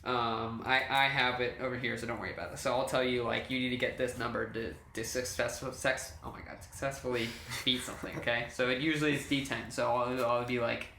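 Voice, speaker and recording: A man's voice: mid-range voice, steady tone, fairly quick, creaky, few pauses, bright, forceful tone, echoey room, a little hiss or hum. A man acting as game master, explaining the rules in a rambling way, full of fillers and restarts. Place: room shared with players.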